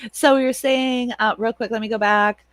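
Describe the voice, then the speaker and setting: This livestream host and moderator is a woman in her thirties whose fairly high voice stays steady and unhurried. She chats casually with her viewers, wandering off on tangents, laughing often, and swearing now and then. The sound is dry.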